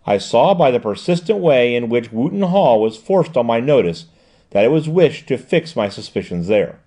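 A sharp, composed woman detective lays out her reasoning point by point, read by a man. The voice is mellow and warm, with a lively rise and fall, precise and measured in an audiobook reading. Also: medium pitch. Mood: explaining.

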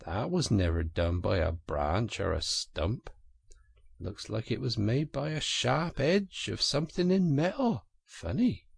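A man voicing a brisk, kindly male water rat who is easily exasperated, speaking emphatically. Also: mid-range voice, animated, creaky, slightly rough, no echo, full character voice. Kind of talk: audiobook character reading.

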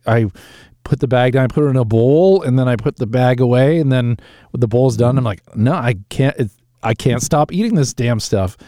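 A man's voice: mid-range voice, a little mellow, dry recording, clean studio sound. A man hosting a live talk radio show, chatting casually in a rambling, self-mocking way with frequent chuckles. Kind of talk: casual chat. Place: radio studio.

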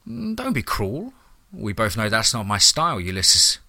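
The devil appears as a smooth, seductive woman in a spoken horror tale, played by a man. She teases and toys with her listener, and her voice carries a sharp, bright edge. The sound is dry and close. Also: fairly low pitch, wildly swooping pitch, normal speed, no room sound, full character voice. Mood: teasing, seductive. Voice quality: smooth, teasing.

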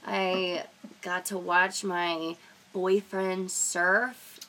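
A woman's voice: fairly low pitch, level tone, extremely slow, pushed and bright. A young woman with a scratchy voice from a sinus infection, chatting casually as a podcast host and telling stories full of "like" and "you know.".

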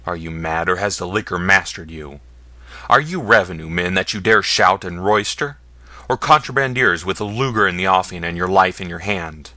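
A man reading the part of a grim, stern smuggler leader who gives sharp, scolding commands. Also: low voice, normal speed, no echo. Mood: angry.

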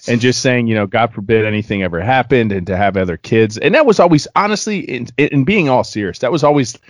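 A man's voice: medium pitch, expressive, fast talker, dry recording, studio quality. A man in his forties in casual sports-podcast chat, rambling and repeating himself as he talks. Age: 40s. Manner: rambling, repeats words when earnest. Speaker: podcast co-host.

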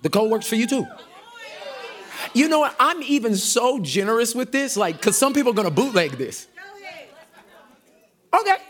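A middle-aged man, a pastor preaching a sermon energetically, shouting call-and-response lines to his congregation. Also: very high voice, big pitch swings, normal speed, pauses often, some chatter behind.

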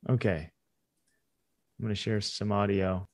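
A man co-hosting a comedy podcast, speaking casually and playfully, including a relaxed ad read. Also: fairly low pitch, a little slow, dry recording, clean studio sound. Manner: laid-back, playful ad read. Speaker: podcast co-host.

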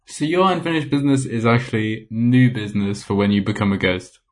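A man's voice: fairly low pitch, a little fast. A man co-hosting a podcast, chatting casually in a dry, teasing way. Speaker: podcast co-host. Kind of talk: casual chat.

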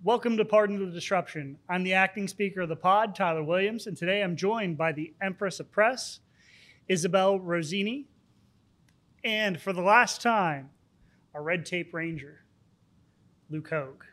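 A man's voice: sits high, normal speed, a bit bright. A man hosting a casual podcast, joking and bantering with his guests. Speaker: podcast host.

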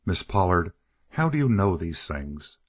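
A man's voice: deep voice, sing-song, unhurried, breathy edge, no room sound, exaggerated voice. A man doing proud, guarded Elizabeth Cornish. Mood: startled. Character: proud older woman, guarded, wistful.

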